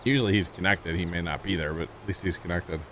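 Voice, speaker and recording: A man's voice: sits low, steady tone, quick pace, fairly bright tone, a little hiss or hum. A man from Missouri with a St. Louis accent, chatting casually with stream viewers while playing a game, rambling and laughing easily. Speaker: livestream gamer.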